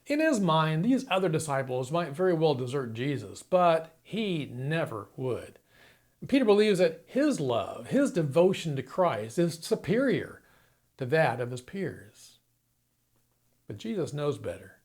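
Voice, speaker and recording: Lively, animated male pastor preaching. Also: on the high side, a little slow. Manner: dramatic retelling, acting out quoted lines. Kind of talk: sermon.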